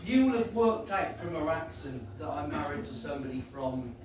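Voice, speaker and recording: A man's voice: a little high, lively intonation, normal speed. A man in his sixties performing a self-deprecating stand-up set in a small pub room. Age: 60s. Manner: self-deprecating, wry storytelling. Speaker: stand-up comedian. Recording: echoey far-off pub recording with background noise.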